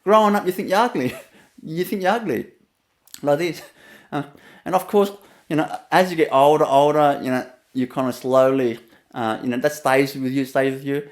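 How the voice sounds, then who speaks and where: This man's voice is on the high side, carrying a Vietnamese accent from his home country of Vietnam. As a spiritual teacher recounting something personal, he keeps laughing between phrases and pausing on fillers.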